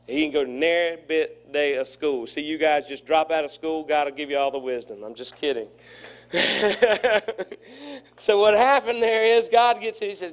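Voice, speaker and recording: A fairly high-voiced man preaches to his congregation. His delivery is folksy and playful, and he slips into quick voices for the figures in his stories. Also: fairly bright tone. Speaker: pastor. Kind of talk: sermon.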